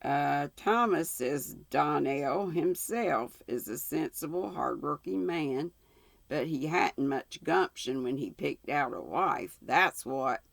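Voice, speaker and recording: A woman's voice: deep voice, animated, slow pace, gravelly, no echo, full character voice. A woman doing a blunt, gossipy village matron. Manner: blunt, disapproving.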